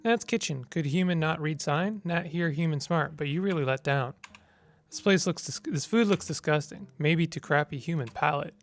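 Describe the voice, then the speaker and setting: A man's voice: on the high side, moderate pace, lightly acted. A man voicing a grumpy male goblin cook who talks in blunt, broken speech. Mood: scornful.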